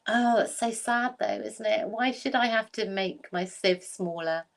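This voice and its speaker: A woman's voice: mid-range voice, a little slow, vocal fry. Candid woman hosting a chat. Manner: candid, laughs often, repeats herself for emphasis. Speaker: livestream host. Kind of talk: casual chat.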